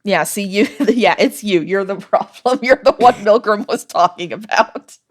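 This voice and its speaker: A woman's voice: medium pitch, measured pace. A woman hosting a podcast, explaining things in casual chat and laughing often. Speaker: podcast host.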